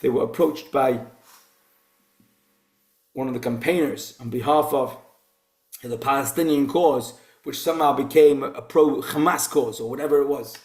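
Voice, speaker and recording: A man's voice: mid-range voice, normal speed, pauses often, darkish tone. A man teaching an informal Torah class in a conversational way, posing rhetorical questions. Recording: roomy echo.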